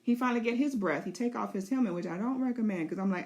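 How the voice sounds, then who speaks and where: A woman's voice: fairly high pitch, quick pace, darkish tone, dull audio. A woman host giving a casual, chatty recap of a TV episode, with laughing asides. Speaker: show host.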